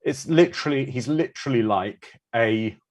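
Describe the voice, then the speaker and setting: A man's voice: medium pitch, normal speed. A man hosting a live watch-party commentary, chatting casually and answering viewer comments.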